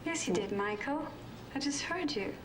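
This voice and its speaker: An actress playing an encouraging wife in a live-action game, speaking in a chiding, upbeat way. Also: female voice, high-pitched, animated, moderate pace, background noise.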